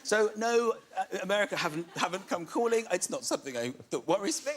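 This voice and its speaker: A man in his forties, a comedian telling animated comic stories on a chat show. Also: sits high, fast, a crowd in the background. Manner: animated, acting out bits with put-on voices. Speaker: comedian guest. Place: TV studio with a live audience. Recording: broadcast studio with loud audience laughter.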